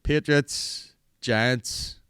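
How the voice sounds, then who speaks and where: A man's voice: mid-range voice, steady tone, extremely slow, fairly bright tone, clear, resonant tone, no room sound, clean studio sound. A man, hosting a podcast in rambling, profane, jokey casual chat. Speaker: podcast host.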